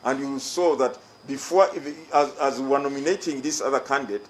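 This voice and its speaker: A man's voice: medium pitch, fairly quick, slight background noise, poor audio. A middle-aged man with a Ugandan English accent, chairing an electoral commission and giving a formal press conference statement, emphatic and repeating his key phrases.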